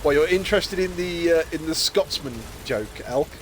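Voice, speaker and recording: A man's voice: fairly high pitch, normal speed, a little hiss or hum. A British man streaming a game, telling stories in casual chat and acting out the voices of people he quotes. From Britain. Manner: chatty storyteller, acts out quoted voices with laughs. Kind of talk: casual chat while gaming.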